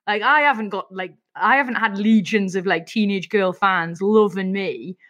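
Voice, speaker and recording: A woman with a Geordie accent telling stories as a podcast guest, frank and animated, saying "like" a lot. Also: medium pitch, moderate pace. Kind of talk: casual storytelling chat.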